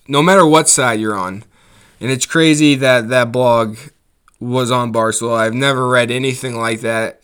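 Smooth-voiced man narrating a podcast recap. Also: mid-range voice. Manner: steady storytelling with plain asides. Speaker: podcast host.

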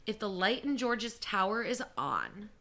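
A woman co-hosting a podcast, chatting casually and reacting with animated gasps. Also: mid-range voice, a little slow. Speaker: podcast co-host. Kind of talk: casual chat.

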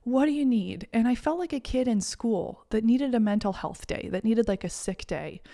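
A woman's voice: on the high side, lively intonation, normal speed, warm tone. A woman hosting a self-help podcast, talking earnestly and encouragingly to her listeners as a confidence mentor. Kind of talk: reflective solo podcast talk.

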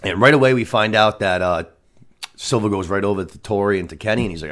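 A man's voice: fairly low pitch, quick pace, fairly bright tone. A man hosting a podcast, recapping a TV season in casual, profane chat full of "you know what I mean". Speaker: podcast host.

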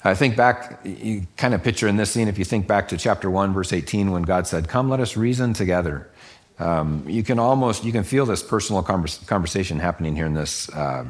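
A man's voice: fairly quick, hardly any pauses. A middle-aged man teaching a Bible passage casually, explaining the verses conversationally and acting out the voices of the listeners. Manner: conversational, acts out voices of the listeners with lively pitch jumps.

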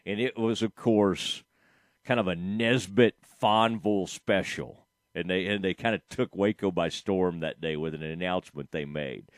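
A man's voice: sits low, normal speed, no room sound, clean studio sound. A middle-aged man hosting a radio show, rambling casually, laughing often and talking to his producer. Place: radio studio.

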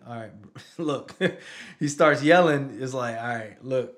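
A man's voice: mid-range voice, a little slow. Man telling a story in casual conversation. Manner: conversational, repeats "you know what I'm saying". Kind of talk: casual chat.

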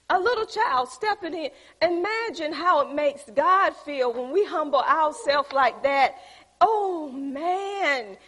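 An older woman, preaching a sermon as lively storytelling, acting out the voices she quotes. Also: sits high. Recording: echoey hall.

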